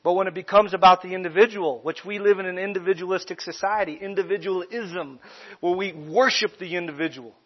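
High-voiced pastor preaching emphatically. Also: male voice, lo-fi sound. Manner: emphatic preaching with slow stressed phrases. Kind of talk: sermon.

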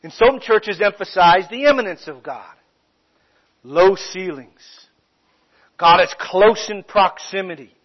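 Male pastor, emphatic sermon delivery with slow stressed phrases, high voice, slightly muffled sound. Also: slightly rough.

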